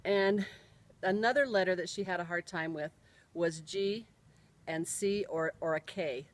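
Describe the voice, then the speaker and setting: A woman's voice: on the low side, measured pace, poor audio. A middle-aged woman telling a personal story, spelling out words and sounds carefully as she goes.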